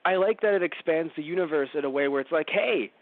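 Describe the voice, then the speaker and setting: Man, podcast co-host, casual rambling chat, quick character impressions, slightly high voice, thin phone-like sound. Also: no room sound. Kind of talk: casual anime review chat. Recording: dry, phone-like narrow sound.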